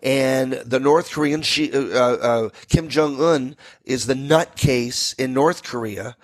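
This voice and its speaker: A man's voice: mid-range voice, slow. An American man hosting a radio talk show from a studio, telling history in a folksy, rambling way with asides to listeners.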